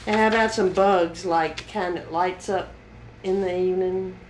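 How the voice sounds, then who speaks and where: A woman interviewer asking slow, prompting questions about local words. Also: on the low side, fairly even intonation. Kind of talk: dialect survey interview. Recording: echoey room, light noise.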